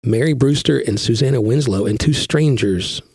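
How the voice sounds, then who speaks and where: A man's voice: mid-range voice, normal speed, a little mellow, breathy edge, dry recording, clean studio sound. A man co-hosting a podcast in casual chat, teasing and wry in his banter. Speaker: podcast co-host.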